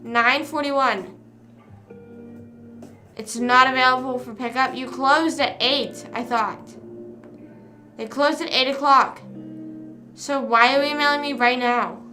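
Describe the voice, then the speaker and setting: A woman's voice: high-pitched, steady tone, takes it slowly, long pauses, bright, forceful tone, faint music behind. A woman live streaming in casual chat, rambling and venting with casual swearing.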